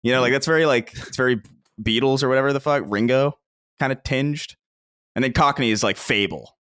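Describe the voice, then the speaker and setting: A man's voice: mid-range voice, fairly quick, a bit bright, smooth, no room sound, clean studio sound. An American man co-hosting a podcast in casual chat, swearing freely and breaking into jokey impressions. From United States. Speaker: podcast co-host.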